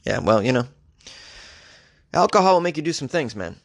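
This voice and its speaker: A man's voice: on the high side, sing-song, moderate pace, no room sound, clean studio sound. A man hosting a comedic news podcast, joking and laughing at his own gags as he reads out the stories.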